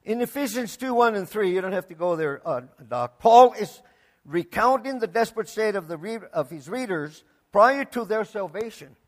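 A man preaching a sermon, emphatic, swinging from loud declarations to hushed asides and repeating words for emphasis. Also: high voice, lively intonation, normal speed. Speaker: pastor.

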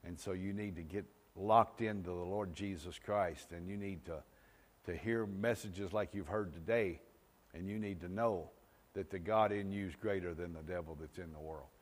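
A man's voice: sits low, normal speed, long reverb tail. A pastor preaching a sermon to his congregation, emphatic and often asking whether they follow him. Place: church sanctuary.

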